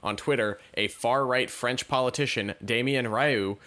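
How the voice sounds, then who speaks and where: A man's voice: medium pitch, measured pace, pushed and bright. A man hosting a casual news commentary show, reading articles aloud and adding sarcastic asides. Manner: reads headlines then riffs with sarcastic asides.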